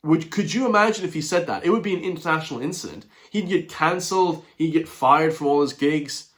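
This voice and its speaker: A man's voice: a little high, a little fast, a bit bright. An Irish man giving blunt, indignant commentary on news clips, often turning to his viewers. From Ireland. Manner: indignant, blunt, keeps addressing viewers as guys. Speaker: commentary vlogger.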